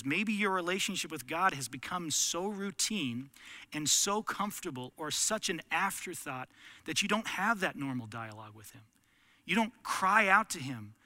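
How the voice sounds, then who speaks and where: A man's voice: on the high side, bright, forceful tone, dry recording. A man preaching a sermon, earnest, rising to impassioned pleading as he voices prayers. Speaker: pastor.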